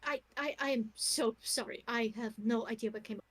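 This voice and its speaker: A woman voicing a hulking male samurai who stammers and rushes his words with anxious devotion. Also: a little high, fairly bright tone. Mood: distraught.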